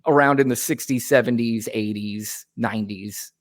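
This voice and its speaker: A man's voice: mid-range voice, moderate pace. A man co-hosting a casual political talk show, ranting in an emphatic, profane way. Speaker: co-host.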